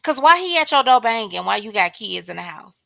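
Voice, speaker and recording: A woman's voice: a little high, very animated, quick pace, gravelly, sharp tone, dry recording. A woman hosting a casual livestream commentary, talking straight to her viewers and calling out chat names. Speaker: livestream host.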